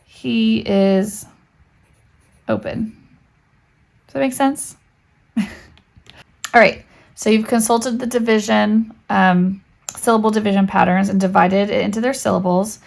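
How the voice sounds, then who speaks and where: A woman's voice: medium pitch, steady tone, a little slow, creaky, pauses often. A woman walking through spelling and syllable rules in a casual teaching voice, checking in often with "right?". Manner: chatty, explains step by step, asks "right?" often. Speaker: homeschool teacher.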